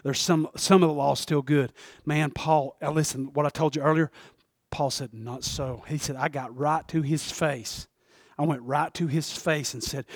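A man preaching a sermon, calling for amens and swinging between shouts and hushed asides. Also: fairly high pitch, moderate pace, dry recording, clean studio sound. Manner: calls for amens from the congregation. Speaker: pastor.

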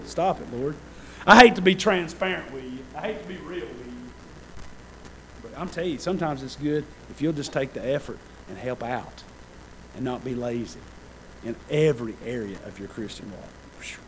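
A high-pitched man preaching to a congregation, swinging between easy, joking asides and loud, fervent climaxes. Faint room noise sits behind him. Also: poor audio. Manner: fervent, building to loud shouted peaks; conversational, self-deprecating asides with laughter. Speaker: pastor. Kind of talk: sermon.

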